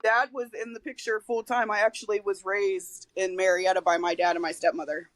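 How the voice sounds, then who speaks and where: A woman's voice: mid-range voice, fairly even intonation, a little fast, a little hiss or hum, rough recording. A woman in her forties, a guest on a podcast, telling her own story candidly and frankly, with casual swearing. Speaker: guest, reentry liaison.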